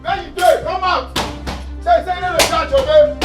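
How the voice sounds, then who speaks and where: An actor with a Nigerian accent playing a furious jilted young man who shouts and repeats his demand for his money back. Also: very high voice, steady tone, normal speed, recorded from a distance. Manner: shouting, repetitive ranting. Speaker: angry suitor demanding money. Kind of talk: Nollywood film acting. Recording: echoey room with film music.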